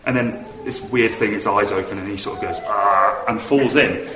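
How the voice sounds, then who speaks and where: A preacher delivers an earnest, conversational sermon in a church hall, telling stories with animation. His voice is fairly low and brisk. The recording is noisy and echoey, picked up from far across the hall.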